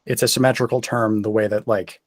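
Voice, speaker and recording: A man's voice: lowish voice, fairly even intonation, fairly quick, dry recording. A man running a tabletop game as game master, explaining the rules in a careful, methodical and hesitant way.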